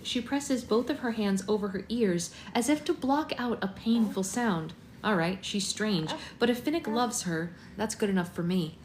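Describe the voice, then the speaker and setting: A woman hosting a live book club from home, reading a novel aloud in a gentle, unhurried voice and breaking into soft singsong baby talk to her infant. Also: mid-range voice, slight background noise. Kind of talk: live read-aloud with casual asides.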